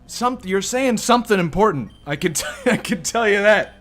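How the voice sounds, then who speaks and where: A young man rambles through casual game commentary, incredulous and given to swearing. His voice sits high and bright, swinging widely in pitch, with faint music playing under him. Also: animated, normal speed. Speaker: let's play host.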